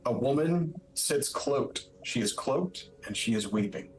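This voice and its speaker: A man's voice: medium pitch, lively intonation, unhurried, background noise. Upbeat, chatty male game master. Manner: upbeat, chatty, with filler words. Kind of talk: running a streamed tabletop game.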